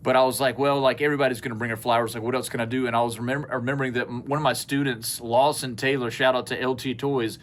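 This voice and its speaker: A middle-aged man telling a long personal story in casual podcast chat, earnest and rambling, lively when he quotes people. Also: medium pitch, fast, few pauses. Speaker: podcast co-host. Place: indoor studio space at a co-op.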